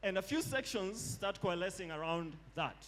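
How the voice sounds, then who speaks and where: A man with a Kenyan accent giving a casual storytelling lecture at a live event, relaxed and slangy, dropping in Swahili phrases. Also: high voice, moderate pace. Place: live talk event indoors.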